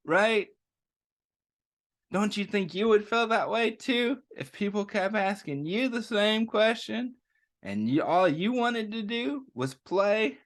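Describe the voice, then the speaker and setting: A man reading a picture book aloud to young children at story time, stopping often to ask them gentle questions. He talks slowly, and his voice rises and falls a lot. It sits slightly above the usual pitch for a man. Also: expressive. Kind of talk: interactive picture-book read-aloud for kids.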